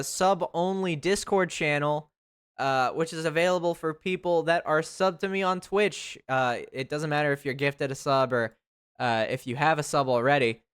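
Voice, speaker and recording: A man's voice: on the high side, a bit bright, clear, resonant tone. Rambling, joking male streamer. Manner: rambling, joking, many fillers and restarts. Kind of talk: casual live-stream chat. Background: faint music.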